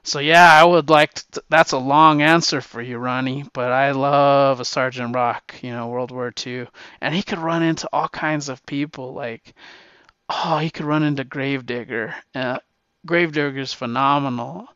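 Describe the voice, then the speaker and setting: A guest rambles through the plot of a war comic in casual storytelling, full of fillers, restarts, and swearing, as he answers a question. He speaks at a moderate pace in a mid-range voice that is fairly even, pushed and bright, clear and resonant. There's no room sound; the dry audio is dull and slightly lo-fi.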